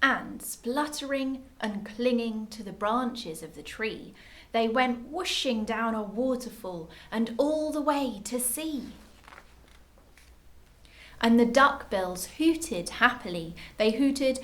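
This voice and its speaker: A woman reading a children's picture book aloud at a library story time, with lively expression. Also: on the high side, slow.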